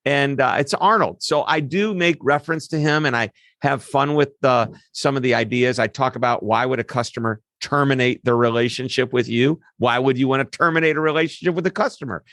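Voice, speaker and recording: A man, a guest expert on an interview, explaining his ideas in an animated way with quick asides. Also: mid-range voice, no room sound, clean studio sound. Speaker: customer service expert guest. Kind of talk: interview answers.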